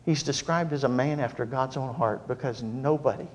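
A man preaching a sermon, moving from humorous storytelling to earnest, quieter exhortation. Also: mid-range voice, moderate pace.

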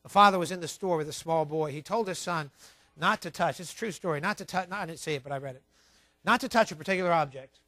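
A man preaching a sermon, emphatic and repetitive, telling his listeners to write points down, swinging between quiet asides and loud stressed words. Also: a little high, fast, dry recording. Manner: emphatic, repeats key points, tells listeners to write things down. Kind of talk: sermon on child training.

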